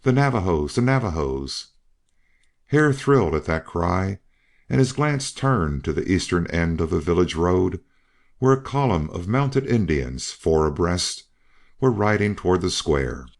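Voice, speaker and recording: A man's voice: low voice, animated, measured pace, creaky. A man narrating a western novel as an audiobook reader. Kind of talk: scripted narration.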